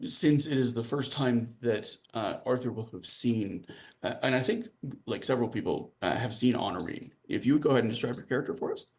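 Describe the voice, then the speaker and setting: A game master guides a tabletop game, prompting a player in a relaxed way with fillers. His pitch moves about in an animated way. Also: fairly quick.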